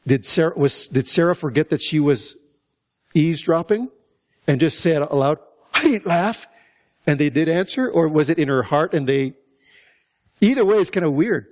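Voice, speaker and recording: A man's voice: on the high side, expressive, normal speed, long pauses, a little mellow. A man preaching a conversational Bible-teaching sermon, reading verses and asking the listeners questions. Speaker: pastor.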